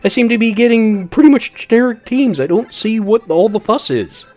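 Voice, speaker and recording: A man's voice: sits high, expressive, normal speed, a little mellow. A man streaming a retro video game live, chatting casually while he plays, in a rambling, self-deprecating way. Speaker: gaming streamer.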